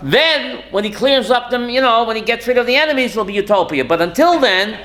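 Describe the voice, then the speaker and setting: A man's voice: very high-pitched, lively intonation, brisk, bright, forceful tone. A man giving a rabbi's Torah class, emphatic, firing rhetorical questions and calling on listeners by name.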